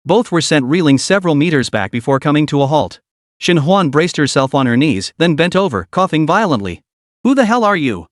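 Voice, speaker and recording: A man narrating a comic story recap in a dramatic, even read. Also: on the high side, brisk, dry recording, clean studio sound.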